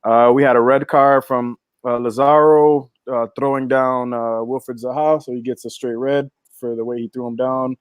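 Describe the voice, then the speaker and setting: A man's voice: mid-range voice, steady tone, moderate pace, few pauses, clean tone. A man co-hosts a casual football podcast, running through the weekend's scores in an easygoing way, full of ums and uhs. His voice sits in a middle range and is recorded dry and close, with no room echo. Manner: laid-back, lots of fillers, laughs easily. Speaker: podcast co-host. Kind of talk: casual sports chat.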